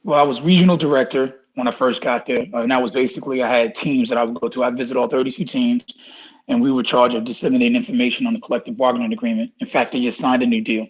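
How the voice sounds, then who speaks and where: This podcast guest is a middle-aged man who used to play pro football, and his mid-range, husky voice moves quickly through casual interview stories. He performs the dialogue he quotes and hammers points with emphatic repetition, all captured on a muffled recording.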